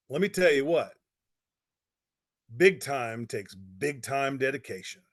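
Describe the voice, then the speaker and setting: A man's voice: fairly high pitch, moderate pace. A middle-aged man telling a motivational story in a folksy, emphatic way, with lots of repetition. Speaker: speaker on network marketing.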